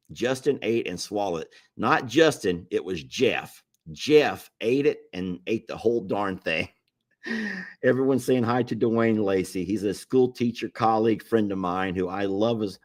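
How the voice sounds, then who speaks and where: A middle-aged man hosting a casual livestream and reading viewer comments aloud, in an easygoing drawl. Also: lowish voice. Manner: easygoing drawl, laughs easily. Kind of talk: casual live chat.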